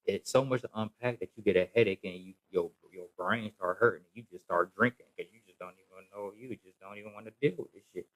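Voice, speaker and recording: A man's voice: fairly low pitch, quick pace, few pauses, no room sound, poor audio. A man ranting casually to camera in a rambling, repetitive, emphatic way. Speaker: social media commentator.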